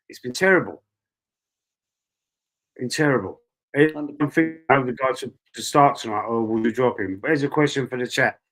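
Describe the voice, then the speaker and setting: A man with a Cockney accent hosts a casual live stream, talking straight and unfiltered. He swears freely and circles back over the same point, his voice sitting in an ordinary middle pitch. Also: a bit bright. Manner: blunt, swears, repeats himself. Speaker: football fan channel host.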